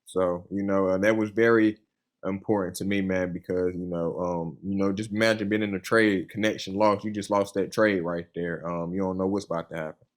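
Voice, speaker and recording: A man's voice: sits low, steady tone, brisk. A young man, a funded trader, talking casually and earnestly in an interview, with a loose storytelling manner full of "you know" and "man". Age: young adult. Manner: earnest and enthusiastic.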